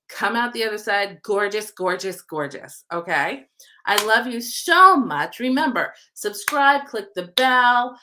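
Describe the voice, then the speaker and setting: Woman, card reader, stuffy nose, chatty and warm-hearted, bright tone. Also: mid-range voice. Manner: affectionate, upbeat, chatty. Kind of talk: live stream card reading.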